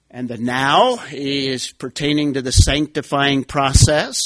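A man's voice: on the high side, a bit bright, no echo. Man teaching the Bible in a dry room. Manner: emphatic, explanatory, repeats key points.

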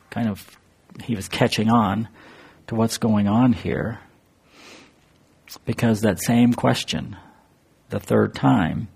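A man teaching verse by verse through a Bible passage, thoughtful and halting, pausing with fillers and posing rhetorical questions to his listeners. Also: medium pitch, creaky, a little mellow, husky.

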